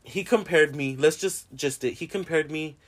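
Animated, foul-mouthed man telling a story. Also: fairly high pitch, normal speed. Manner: animated, profane, frequent laughs and fillers. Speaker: vlogger telling a personal story. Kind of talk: casual storytime monologue to viewers.

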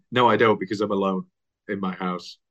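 A man's voice: fairly low pitch, moderate pace, dull audio. Chatty young man, podcast host. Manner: chatty, laughs often, lively retelling with put-on voices. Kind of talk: casual film podcast chat.

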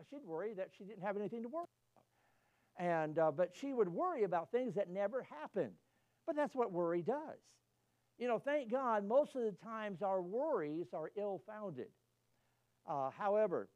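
A high-pitched man preaches a sermon. He tells homely stories in a folksy way and climbs to emphatic peaks when he presses a point. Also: a little mellow, lo-fi sound.

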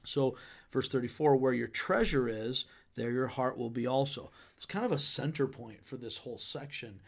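A man who is a pastor, talking through a Bible passage in a relaxed podcast chat and reading verses aloud with playful paraphrase. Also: medium pitch, normal speed, creaky. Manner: conversational, reads scripture with playful paraphrase. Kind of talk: podcast sermon discussion.

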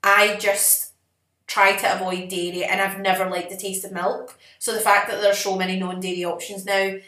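A young woman co-hosting a podcast, telling a story in a sassy, animated, self-mocking way. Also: mid-range voice, moderate pace. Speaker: podcast co-host. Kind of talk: casual storytelling chat. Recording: echoey room.

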